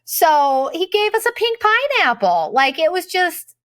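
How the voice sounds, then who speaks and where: A woman's voice: very high-pitched, very animated, measured pace, a bit bright, no room sound. A middle-aged woman telling a travel story in a casual, profane, exasperated and sarcastic way. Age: late 30s to 40s. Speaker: vlogger.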